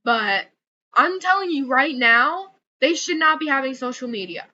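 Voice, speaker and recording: High bright-voiced young woman ranting. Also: animated, normal speed, highs cut off. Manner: heated, swearing, repeats words. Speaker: vlogger. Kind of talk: angry rant to camera.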